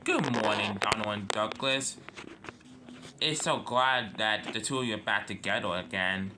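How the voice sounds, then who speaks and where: A man's voice: fairly low pitch, measured pace, background noise, lightly acted. A man voicing a bossy railway boss who hands out jobs in an officious way. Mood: instructing. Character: bossy male railway boss in a top hat.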